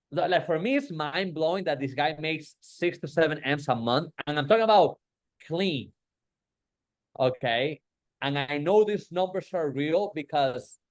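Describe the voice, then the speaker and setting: A man in casual chat, talking loosely and profanely, peppering everything with "bro" and "like". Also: on the high side. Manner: profane, rambling, lots of "bro" and "like".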